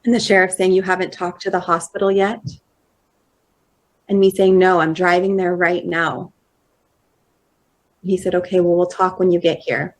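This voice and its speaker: A woman in her thirties giving a personal storytelling talk at a conference, slow and measured, acting out quoted dialogue. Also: lowish voice, flat delivery. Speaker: conference speaker. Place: conference hall.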